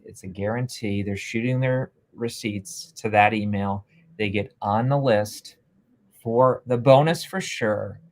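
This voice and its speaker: Energetic low-voiced male host. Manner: energetic, salesy, repeats himself. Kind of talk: live stream interview.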